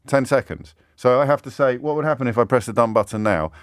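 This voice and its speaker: A man's voice: mid-range voice, fast talker, smooth, no echo. Male phone-in host, wry, rambling, dead-dry studio mic. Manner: playful, self-mocking, rambling. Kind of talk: casual radio chat. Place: radio studio. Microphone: studio microphone.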